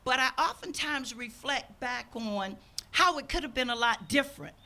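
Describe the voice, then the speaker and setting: A woman's voice: sits high, animated, moderate pace, sharp tone. An older woman pastor giving an outdoor sermon, telling a story and acting out the people in it. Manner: storytelling, acts out quoted speakers.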